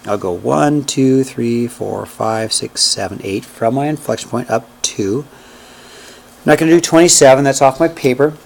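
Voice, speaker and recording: In a math classroom lecture, a man talks through each step, counting aloud while working and asking "okay?" and "right?". His medium-pitched voice carries vocal fry and runs a little slow, over a faint hiss or hum.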